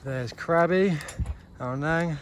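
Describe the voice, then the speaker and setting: Out of breath on a steep outdoor staircase, a young man vlogs casually to the camera in a slightly high voice, taking his time. He narrates the hike in a chatty, self-deprecating way, and background noise comes through clearly on the outdoor camera audio.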